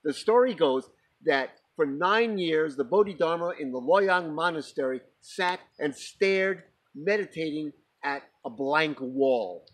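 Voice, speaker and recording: A man who is an author, telling a spiritual parable in a slow, deliberate way. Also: a little high, animated, slightly rough, rough recording. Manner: slow, deliberate, breaks into laughter. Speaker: author and storyteller. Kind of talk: spoken parable storytelling.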